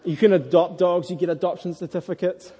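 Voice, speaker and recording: A married man preaching a sermon to a congregation, earnest and lively when he tells stories. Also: high-pitched, a little fast, husky. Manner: earnest, animated storytelling. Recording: echoey hall.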